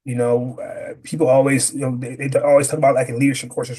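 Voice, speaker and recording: A man's voice: mid-range voice, fast talker, few pauses, husky. A man from upstate New York, a guest on an interview podcast, who talks with energy and acts out the people he quotes. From Rochester, New York. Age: adult parent. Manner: animated, acts out quoted dialogue. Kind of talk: conversational interview.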